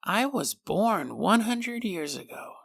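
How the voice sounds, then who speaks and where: A man voicing an eerie changeling baby who claims to be a century old, speaking slowly and drawn out. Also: high-pitched, very animated, creaky, a bit bright, husky, voice pushed up, heavily acted. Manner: slow, drawn-out delivery.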